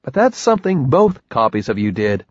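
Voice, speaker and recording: A man's voice: medium pitch, big pitch swings, normal speed, dry recording, lo-fi sound. A man voicing a pressing, wry male envoy agent in an audiobook, swearing freely. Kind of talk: audiobook character voice.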